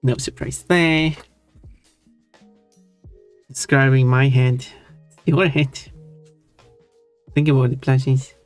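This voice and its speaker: Slow, rambling streamer with a Swedish accent. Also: mid-range voice, fairly even intonation. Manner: rambling, thinking aloud, answering chat. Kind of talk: casual live-stream chat. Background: faint background music.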